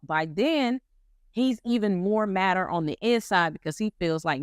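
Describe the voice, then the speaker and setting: A woman's voice: mid-range voice, lively intonation, measured pace, clean tone, no echo, studio quality. A woman casually retelling a story in slangy commentary, acting out the quotes as she goes. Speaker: commentary host.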